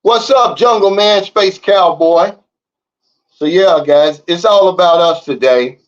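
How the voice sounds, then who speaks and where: A man's voice: sits high, slow pace, muffled recording. A man hosting a livestream, reading the chat and ranting in a blunt, fired-up way. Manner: fired-up, blunt, repeats "Big Dog" and "okay?". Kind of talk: casual livestream talk. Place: living in the Philippines.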